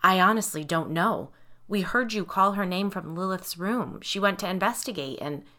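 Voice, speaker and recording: A woman's voice: medium pitch, moderate pace, sharp tone, lightly acted. A woman voicing a shaken male colleague who apologizes and explains himself. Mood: apologetic.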